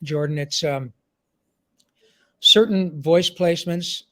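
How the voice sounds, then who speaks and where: A man's voice: on the high side, slow pace. A man in his sixties, a voice actor answering interview questions and slipping into character voices now and then. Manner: animated, slips into character voices. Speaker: voice actor guest. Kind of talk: interview over video call.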